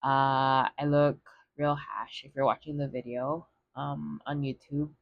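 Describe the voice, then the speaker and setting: Slow, tearful young woman podcaster. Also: extremely low pitch, flat delivery, no room sound. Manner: halting, with many pauses, fillers and sighs. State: tearful, emotional. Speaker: podcast host. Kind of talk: heartfelt solo podcast monologue. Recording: slightly dull, dry lo-fi recording.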